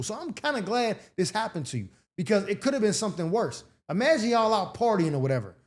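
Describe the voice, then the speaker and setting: A man's voice: high voice, very animated, fast, few pauses. A man hosting an advice show, reading letters and answering them in a blunt, profane, sarcastic way with slang-heavy casual talk. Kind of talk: advice commentary rant.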